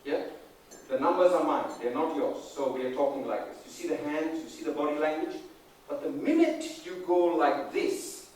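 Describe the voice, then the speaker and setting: A man giving an energetic, emphatic conference talk as a leadership trainer, often checking in with the audience. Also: on the high side, moderate pace. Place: large conference hall. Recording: distant, echoey hall recording.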